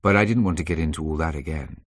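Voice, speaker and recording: A man narrating a story in a measured, tense way. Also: a bass voice, dry recording, studio quality. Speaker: audiobook narrator. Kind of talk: scripted narration.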